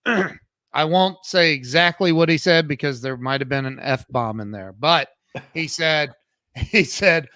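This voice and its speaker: Animated high-voiced man telling a story. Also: no echo. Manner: animated, talks fast, acts out quoted dialogue. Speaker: podcast guest, social media coach. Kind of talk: energetic storytelling interview.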